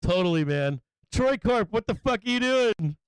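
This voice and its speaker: An excitable male livestream host shouts out viewers by name one after another, swearing freely with loose enthusiasm and a catch of emotion in his voice. His high voice comes through smooth and clear at a moderate pace. The recording is dry and close, with no room sound at all.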